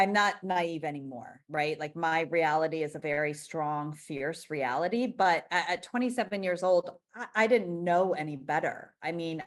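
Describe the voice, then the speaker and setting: Frank, emphatic woman in her forties. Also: on the low side. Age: 40s. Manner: frank and emphatic, restarts often, swears. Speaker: interview guest, business founder. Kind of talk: candid conversational interview.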